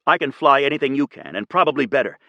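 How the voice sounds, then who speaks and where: A man voicing a hot-headed young male copilot, resentful and shouting in anger. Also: medium pitch, animated, quick pace, vocal fry, dry recording, muffled recording, pitched above the performer's own voice. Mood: furious.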